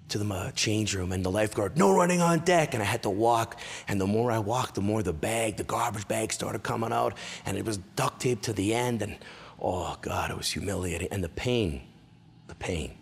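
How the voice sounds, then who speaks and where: A Canadian man in his forties, a comedian hosting his own show, telling a crude, animated life story and breaking into loud impressions and yells. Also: lowish voice, vocal fry, breathy edge. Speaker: comedian host.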